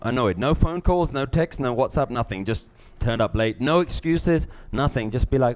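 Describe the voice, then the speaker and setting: A middle-aged spiritual teacher leads a live class with lively energy, acting out small scenes and laughing a lot. His voice is mid-range and he speaks at a moderate pace.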